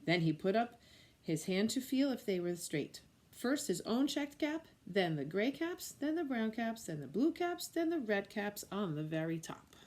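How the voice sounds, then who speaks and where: A woman, a preschool teacher, reading a picture book aloud to young children with expressive storytelling. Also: medium pitch, moderate pace.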